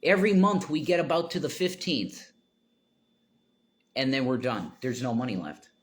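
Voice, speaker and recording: A man's voice: medium pitch, sing-song, normal speed. A man chats to his livestream audience over a home streaming mic, wandering from one tangent to the next. His voice sits in a plain middle register, and he keeps breaking into sudden emphatic outbursts. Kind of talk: rambling livestream chat.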